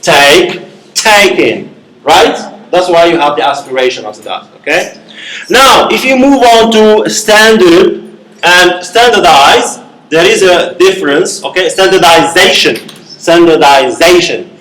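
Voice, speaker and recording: A man's voice: sits high, lively intonation, a little slow, fairly bright tone. A male university lecturer teaching a class, repeating key words and checking in with "okay?" often. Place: echoey classroom. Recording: echoey room from far off.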